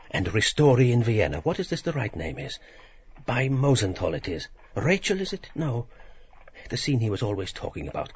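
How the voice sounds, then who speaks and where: A man's voice: on the low side, creaky, slight background noise. An actor playing a mild, wistful man who muses and hesitates. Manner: musing, hesitant, rambling inner talk. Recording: dull lo-fi radio drama recording.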